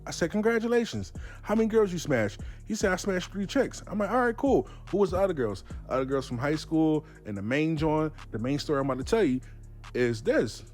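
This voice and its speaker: Animated man telling a story. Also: on the high side, brisk, faint music behind. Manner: animated, acts out both sides of a dialogue. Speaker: storyteller host. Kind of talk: casual storytelling.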